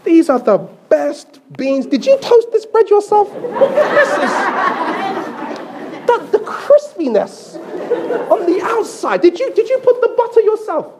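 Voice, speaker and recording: Fussy young husband with a shrill, whiny voice that leaps about wildly, as a preacher puts him on. His complaints sound exaggerated and comic. A faint congregation and light hiss sit underneath. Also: very animated, measured pace, a crowd in the background, heavily acted. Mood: gushing. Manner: whiny, exaggerated, high-pitched.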